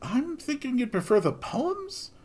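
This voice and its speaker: A man's voice: extremely high pitch, very animated, a little slow, darkish tone, slightly rough, voice pushed up, exaggerated voice. A man voicing a friendly, talkative older male shopkeeper with folksy, old-fashioned turns of phrase. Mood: chatty.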